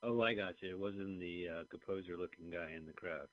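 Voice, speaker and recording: A man with a lowish voice throws in quick wisecracks as he watches a movie with a friend. The sound is dry and close, with a dull, lo-fi edge. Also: no echo. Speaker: podcast co-host. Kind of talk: casual movie commentary.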